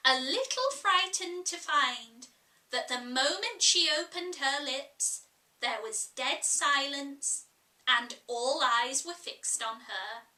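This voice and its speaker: A woman reading a classic children's story aloud in a measured, expressive way. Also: sits high, far from the mic. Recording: echoey room, voice off-mic.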